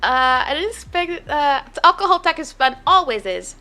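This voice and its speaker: A woman's voice: high voice, sing-song, normal speed, bright, forceful tone. A young adult woman streamer telling a work story in casual chat, rambling and full of filler words and restarts.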